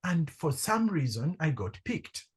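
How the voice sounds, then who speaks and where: A middle-aged man from Zambia, a podcast guest telling a personal story with lively acted-out dialogue. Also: on the high side, measured pace, slightly rough. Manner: animated storyteller acting out quoted voices. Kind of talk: storytelling in conversation.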